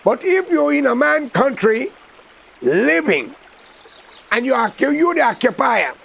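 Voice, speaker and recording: A man's voice: extremely high pitch, sing-song, a little slow, gravelly, a bit bright, breathy edge, rough recording. A man from Guyana with a Guyanese accent, delivering a blunt, rambling political monologue in a preachy tone.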